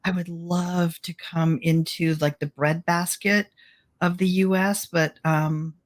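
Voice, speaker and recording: A woman guest speaks eagerly in a casual interview, upbeat and quick to laugh. Her voice sits slightly low for a woman. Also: steady tone. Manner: enthusiastic, warm, laughs easily. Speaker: guest, author and children's camp founder.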